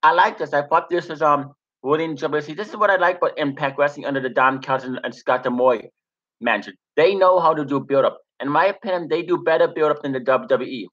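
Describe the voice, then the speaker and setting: A man's voice: fairly high pitch, fast, fairly bright tone. Young male reviewer, casual rambling recap, lots of ums, muffled lo-fi mic. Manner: rambling, many fillers and restarts. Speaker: wrestling reviewer.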